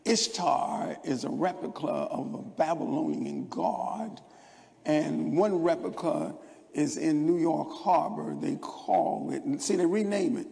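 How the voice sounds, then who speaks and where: Gravelly older preacher in a reverberant hall. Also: male voice, fairly high pitch, slow, darkish tone. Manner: rambling storytelling with stammered restarts. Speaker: pastor. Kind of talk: sermon. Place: church sanctuary. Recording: long church hall reverb.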